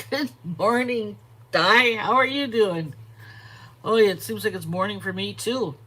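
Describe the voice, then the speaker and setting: A woman hosting a live art stream, chatting casually, greeting viewers by name and pausing to yawn and correct herself. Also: mid-range voice, fairly bright tone, slightly rough. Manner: frequent yawns and self-corrections. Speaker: art channel host.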